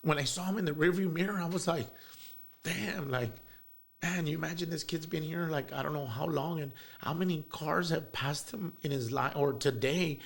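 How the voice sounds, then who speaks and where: Gravelly man telling a story. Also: on the high side, moderate pace. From South Texas. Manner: rambling with many fillers and Spanish slang. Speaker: interview guest. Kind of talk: emotional storytelling in an interview.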